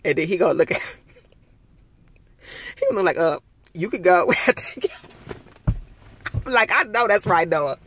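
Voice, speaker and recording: A man's voice: sits high, expressive, slow, pauses often, pushed and bright, no room sound. A young man ranting through a casual TV episode review, heated and full of profanity. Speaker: TV show reviewer.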